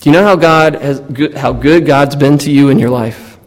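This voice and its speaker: A man's voice: a little high, moderate pace. A man preaching a sermon, reading scripture and acting out the people in it with raised, emphatic voices. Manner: reads scripture, then acts out the speakers in raised voices. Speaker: pastor. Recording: long hall reverb.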